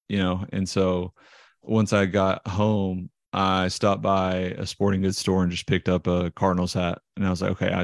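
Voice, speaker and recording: Low gravelly man telling stories. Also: no echo, clean studio sound. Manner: rambling, self-deprecating, restarts often. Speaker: interview guest, baseball player. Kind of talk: casual storytelling interview.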